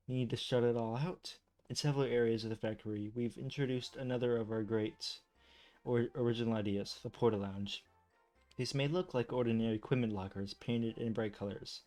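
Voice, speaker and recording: A man's voice: mid-range voice, darkish tone. A man reading game lore aloud, tripping over words and breaking off into chatty, self-deprecating asides. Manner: stumbles over words and restarts often. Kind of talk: reading aloud with casual commentary.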